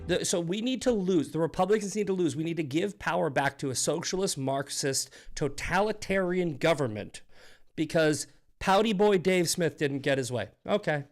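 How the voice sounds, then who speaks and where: A man's voice: on the high side, expressive, normal speed, faint music behind. A man hosting a live political commentary stream, fired-up and profane, often restarting his sentences. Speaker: host.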